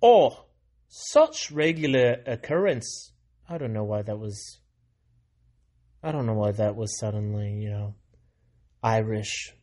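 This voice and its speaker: An American man hosting a sarcastic solo monologue, reading out a news item and breaking off into mocking asides that swing from loud to muttered. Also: on the low side, steady tone, measured pace, pauses often. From United States. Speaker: solo commentary host.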